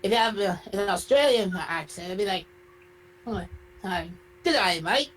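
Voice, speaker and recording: A man's voice: high voice, a little fast, voice pushed up, natural voice, poor audio. Guy doing a rambly contestant dude, lots of uhs and likes, some faint hiss. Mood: rambling. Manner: rambling, hesitant, full of fillers. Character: rambling young male game show contestant. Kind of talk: fan-made game show role-play.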